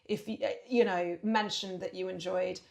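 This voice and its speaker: A woman co-hosting a podcast in casual chat, wry and quick to react. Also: fairly low pitch, steady tone, vocal fry, a little mellow. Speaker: podcast co-host.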